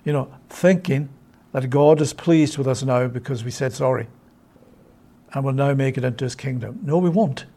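With a mellow, mid-range voice, a man delivers an emphatic sermon packed with rhetorical questions. He often pauses to check in with his audience using a quick "yeah?"

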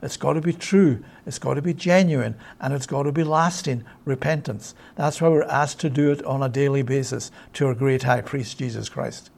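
A man preaching a sermon, emphatic and full of rhetorical questions, often checking in with his listeners with a quick "yeah?". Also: mid-range voice, vocal fry, darkish tone.

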